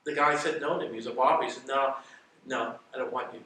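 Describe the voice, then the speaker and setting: A man with a bright, forceful voice talks through stories in a relaxed interview, acting out the lines of the people in them. He is picked up from a distance in a very echoey room with a little background noise. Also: medium pitch, fast talker. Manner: animated, acts out quoted dialogue. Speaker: interview guest. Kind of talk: casual interview storytelling.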